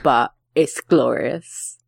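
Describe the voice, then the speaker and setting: Low-voiced woman in casual chat. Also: very slow, creaky, slightly rough, no echo, clean studio sound. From not from London. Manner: animated, sarcastic, swears casually.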